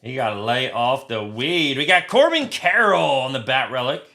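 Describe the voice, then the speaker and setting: A man hosting a live trading card break, talking crudely and getting excited, shouting over big pulls. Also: mid-range voice, normal speed.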